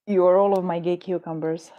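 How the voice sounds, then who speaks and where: A woman's voice: on the low side, level tone, fairly quick, muffled recording. A woman streamer chatting casually and jokingly with her viewers, rambling and tripping over words. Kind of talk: casual live-stream chat. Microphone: headset or desk mic.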